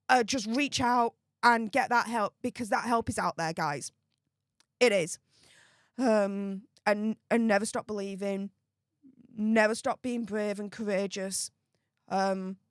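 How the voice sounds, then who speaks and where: A woman hosting a casual live stream, chatting to viewers and thanking them warmly, with plenty of fillers. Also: on the high side, dry recording, clean studio sound.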